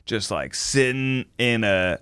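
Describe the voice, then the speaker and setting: A man's voice: mid-range voice, expressive, slow pace, a bit bright, clean tone, dry recording, clean studio sound. A man in his thirties co-hosting a parenting podcast, chatting casually and reading baby milestones aloud in a playful way. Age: 30s. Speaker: podcast co-host. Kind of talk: casual chat.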